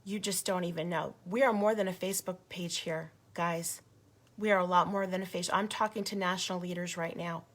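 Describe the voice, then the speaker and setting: Speaking briskly in a fairly low, steady voice, this woman leads a grassroots group and is posting a fired-up video update. She sounds indignant and emphatic and keeps circling back to the same points.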